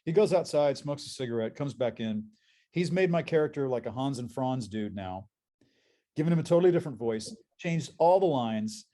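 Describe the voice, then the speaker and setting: At normal speed and medium pitch, a man who does voice acting shares animated stories as a convention panel guest. He tends to restart, repeating words as he goes.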